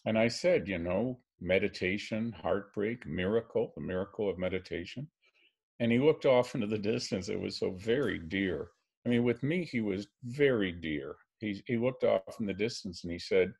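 An older Canadian man, a filmmaker, telling a story gently and reflectively as a guest on a video call. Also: lowish voice, gravelly, husky.

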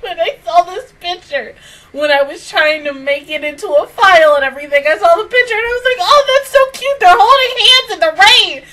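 High bright-voiced tearful woman. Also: distant mic, poor audio. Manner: tearful, laughing between words, exclaiming. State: crying. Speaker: anime reaction video host. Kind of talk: emotional casual reaction chat.

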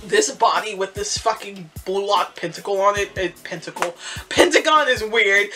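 A woman reacting live as she reads a comic aloud, excitable and foul-mouthed, breaking into laughs and shrieks. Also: medium pitch, a little slow, faint music behind. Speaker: manga reader reacting live. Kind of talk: casual reaction read-along.

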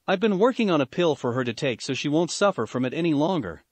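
A man's voice: on the high side, expressive, quick pace, husky, no echo. A man voicing a sinister snake-like male scientist who chuckles creepily and speaks with menace. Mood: sly. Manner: menacing, amused.

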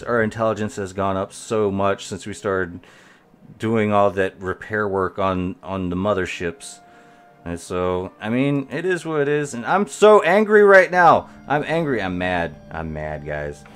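A man giving rambling live gameplay commentary as a streamer, talking to his viewers while he plays. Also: low-pitched. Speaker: game streamer.

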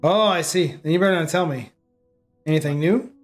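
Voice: medium pitch, fairly quick, faint music behind. A gaming YouTuber reading every character's lines aloud in a nearly plain voice. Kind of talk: reading game dialogue aloud.

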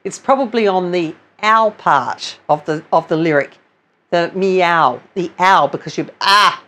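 A woman's voice: fairly low pitch, unhurried, fairly bright tone. A woman vocal coach giving a singing lesson, explaining technique patiently and step by step. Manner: patient, explanatory, demonstrates sounds between explanations.

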